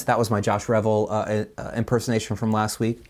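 A man preaching a sermon, reading scripture with lively voiced speeches and chatty asides full of fillers. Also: normal speed. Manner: animated, voices biblical speakers with pitch jumps. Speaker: pastor.

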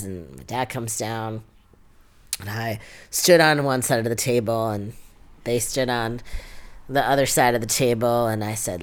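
A man's voice: mid-range voice, unhurried, a bit bright, smooth. A young adult man with a New York accent, telling a personal story in an interview, full of "like" fillers and quoted dialogue. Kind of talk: oral history interview.

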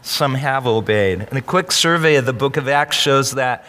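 Bright-voiced man preaching in an echoing hall. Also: medium pitch, moderate pace. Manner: emphatic, calls on the congregation to answer. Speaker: pastor. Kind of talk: sermon. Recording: long reverb of a large hall.

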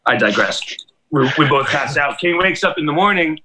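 A man in his forties hosting a casual chat, telling long rambling stories full of swearing and excited asides. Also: a little high, moderate pace, noisy background. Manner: rambling, profane, animated storytelling. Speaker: DJ and podcast host.

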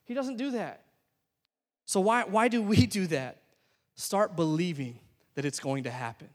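High-voiced young man preaching in a hall. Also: unhurried. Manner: emphatic preaching, swings between loud exhortation and soft asides. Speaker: pastor. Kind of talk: sermon. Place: church sanctuary.

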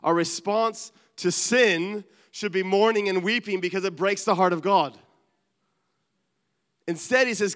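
A middle-aged man preaching a sermon, earnest and animated, dropping to quiet asides. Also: high-pitched, unhurried. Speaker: pastor. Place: large church hall. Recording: reverberant church hall.

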